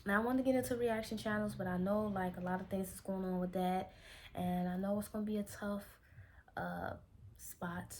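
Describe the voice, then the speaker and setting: A woman's voice: mid-range voice, fairly even intonation, normal speed, a little mellow, slight background noise. A young woman from Chicago with a Chicago accent, rambling candidly in an unscripted vlog recorded on her phone. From Chicago, Illinois. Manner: rambling, self-correcting, candid. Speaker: vlogger. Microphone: phone camera.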